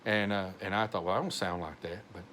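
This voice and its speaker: A middle-aged pastor with a heavy North Texas accent talks slowly in a fairly low voice. He rambles, full of "uh"s and restarts, in a homely devotional message. A faint hiss of room noise sits under his voice. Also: steady tone, a bit bright. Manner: slow, rambling, many fillers and restarts. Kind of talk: informal devotional talk.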